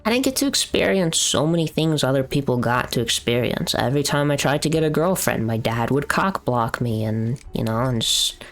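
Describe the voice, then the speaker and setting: A man's voice: mid-range voice, lively intonation, moderate pace, hardly any pauses, fairly bright tone, soft background music. A young man talking casually on a live stream, venting in a rambling, profane way with lots of fillers.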